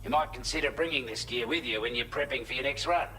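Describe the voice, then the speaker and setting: A man's voice: medium pitch, fast talker, bright, forceful tone, slight background noise, natural voice, rough recording. An actor playing a friendly male shelter technician with an Australian accent, briefing a courier in video game dialogue. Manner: upbeat, matter-of-fact briefing.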